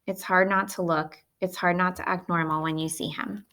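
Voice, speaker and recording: A woman's voice: fairly low pitch, fairly even intonation, normal speed, fairly bright tone. A woman reading a novel aloud in plain first-person narration. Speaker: audiobook reader.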